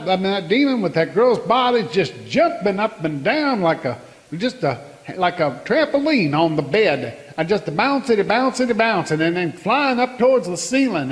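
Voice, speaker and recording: A man comically retelling a horror film in a folksy, halting way, often restarting his sentences. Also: sits high, in a large hall, rough recording. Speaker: comedic movie recapper.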